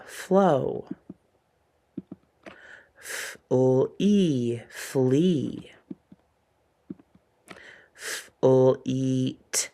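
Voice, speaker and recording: A male teacher leads a phonics lesson at a very unhurried pace. He sounds out each word letter by letter before saying it whole, and his voice carries a gravelly edge. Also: medium pitch, warm tone. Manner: slow, deliberate sounding-out of words.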